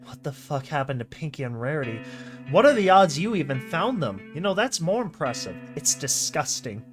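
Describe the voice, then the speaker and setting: A man with a fairly high voice reads a horror comic out loud and reacts as he goes, chatty and quick to exclaim or mock. A soft music bed runs faintly under his talk. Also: big pitch swings. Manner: chatty, exclaiming, mocking asides. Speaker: narrator and reactor.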